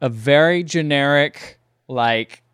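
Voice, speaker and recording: A man co-hosting a podcast in casual movie chat, wry and laid-back with quick reactions. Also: on the high side, a bit bright, smooth, dry recording. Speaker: podcast co-host. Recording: heavy background noise.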